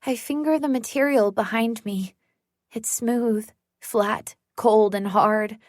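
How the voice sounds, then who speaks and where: A woman narrates a first-person thriller audiobook, her voice sitting a little high. She reads very slowly, letting the tension build. The sound is dry and close. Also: dry recording.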